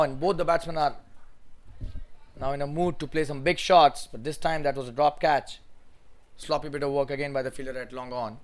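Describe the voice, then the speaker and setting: A man calling a cricket match live, calm and measured between balls and rising sharply in pitch and volume when the action heats up. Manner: calm, measured calls that jump high and loud on big moments. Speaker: cricket commentator.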